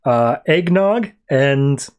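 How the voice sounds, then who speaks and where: A man's voice: mid-range voice, expressive, very slow, darkish tone, clear, resonant tone. A man hosting a podcast, loosely summarizing a comic story in a conversational way with fillers and asides. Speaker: podcast host. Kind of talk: casual comic book recap.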